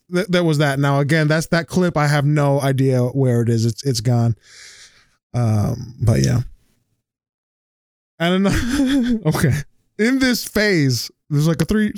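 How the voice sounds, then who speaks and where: A man's voice: medium pitch, expressive, measured pace, a little mellow, no room sound, clean studio sound. A young man hosting a podcast, rambling through a funny story with many restarts and laughs. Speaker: podcast host. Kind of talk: casual chat, telling a funny story.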